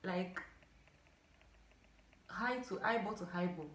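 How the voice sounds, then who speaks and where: A woman's voice: medium pitch, slow, a little hiss or hum. Nigerian woman telling a dramatic story. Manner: animated, dramatic outbursts and asides. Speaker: storytime vlogger. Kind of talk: casual storytelling to camera. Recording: echoey room.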